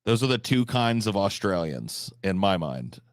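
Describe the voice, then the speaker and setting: A deep-voiced man from the United States hosting a live stream. He rambles casually in a blunt way and swears freely. His voice is low, and the close, dry sound has no room echo. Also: sing-song, measured pace.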